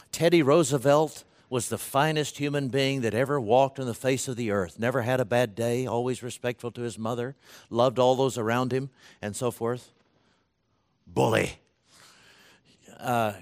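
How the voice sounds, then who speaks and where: A man delivering a sermon at a middle pitch. He speaks in a loose, conversational way, restarts phrases often, and slips into the voices of the people he quotes. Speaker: preacher.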